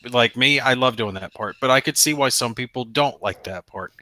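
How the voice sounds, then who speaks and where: Bright-voiced Southern man, blunt. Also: mid-range voice, normal speed, no room sound. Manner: blunt, joking. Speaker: co-host. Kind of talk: casual chat.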